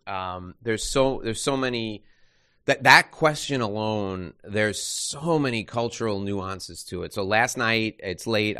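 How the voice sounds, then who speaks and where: A man's voice: lowish voice, bright, forceful tone, clear, resonant tone. A man from New York hosting a podcast interview, talking in a casual, rambling way with many restarts and turning upbeat when he wraps up. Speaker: podcast host.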